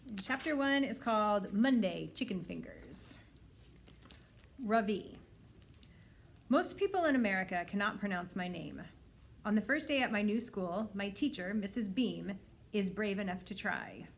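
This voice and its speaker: A woman librarian reading a children's novel aloud in a clear, steady storytelling manner. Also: mid-range voice, moderate pace.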